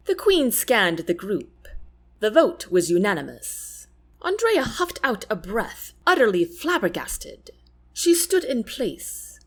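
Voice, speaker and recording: A woman narrating a fantasy audiobook with expressive storytelling. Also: medium pitch, slow. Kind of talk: scripted narration.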